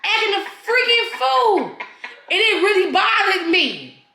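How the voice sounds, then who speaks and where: A woman's voice: very high-pitched, unhurried, creaky, reverberant. A woman from St. Louis with a St. Louis accent, co-hosting a casual podcast chat and telling stories with lots of laughter and acted-out quotes. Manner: animated storytelling, laughing, acting out quotes. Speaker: podcast co-host.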